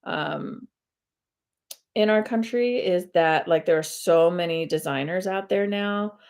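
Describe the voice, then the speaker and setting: Casual female host, slightly low pitch, rambling live-stream chatter at home. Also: slow, vocal fry, darkish tone, clean tone. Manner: chatty and rambling, many fillers and self-corrections. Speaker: host of a cross-stitch video channel. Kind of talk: casual live-stream chat while stitching.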